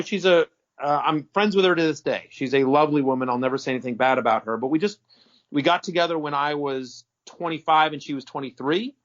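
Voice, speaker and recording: Middle-aged guy rambling through a story on an interview, kinda high voice, muffled audio. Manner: animated, rambling, self-correcting, profane. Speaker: interview guest. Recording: dull lo-fi audio.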